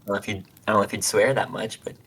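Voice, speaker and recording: On a voice call, a man casually reads a fanfic aloud to a friend as co-host, giggling, stumbling over words and breaking into frequent laughs. His lowish, fairly bright voice has a breathy edge and fairly even intonation, and he reads rapid-fire.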